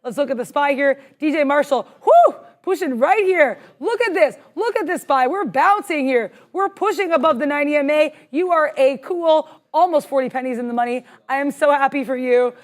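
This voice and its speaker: A woman co-hosting a live trading stream, excitable and rambling, jittery with adrenaline. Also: high voice, fairly quick. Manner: excitable, rambling, self-deprecating. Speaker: stream co-host, day trader.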